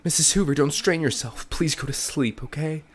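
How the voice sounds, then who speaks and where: Male player as stern caretaker, game, commanding, slightly high. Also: normal speed, slight background noise, natural voice. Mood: firm. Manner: firm and commanding. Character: stern care home staff member.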